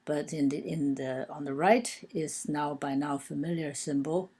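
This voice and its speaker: Slow, low-voiced woman teaching patiently. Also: dark tone, breathy edge. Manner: hesitant, many filler sounds, patient and deliberate. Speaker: language teacher. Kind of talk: explaining Chinese characters.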